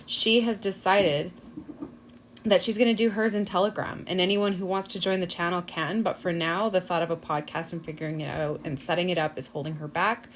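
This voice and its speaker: A woman's voice: lowish voice, fairly even intonation, brisk, reverberant, slight background noise. A woman hosting her own podcast at home, talking in an earnest, effusive, rambling way with plenty of fillers. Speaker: podcast host. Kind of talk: casual podcast monologue.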